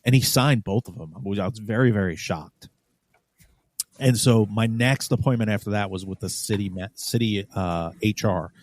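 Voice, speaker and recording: A man's voice: lowish voice, moderate pace, no echo. A man from New York, a podcast co-host, telling a story bluntly and with profanity, acting out the dialogue. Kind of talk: casual storytelling.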